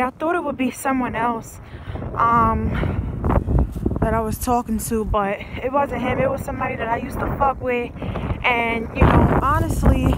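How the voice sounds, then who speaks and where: A woman's voice: high-pitched, very noisy. A woman vlogger telling a storytime rant in a blunt, profane, emphatic way.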